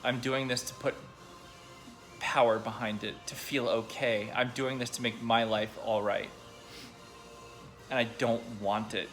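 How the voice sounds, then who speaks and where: A young man recording a personal video diary, halting and emotional, choked up at times and pausing often with fillers. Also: mid-range voice, fairly even intonation, a bit bright, soft background music. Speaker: vlogger.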